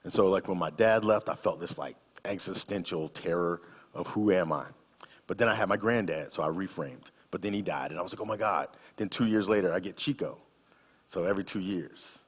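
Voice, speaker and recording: A man's voice: sits low, a little fast, husky, in a large hall. A man in his fifties, a guest speaker giving a sermon in a conversational, humorous storytelling manner.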